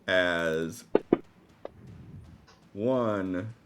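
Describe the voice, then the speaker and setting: A man running a tabletop game as game master, describing the action slowly and searching for words. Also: low-pitched, noisy background.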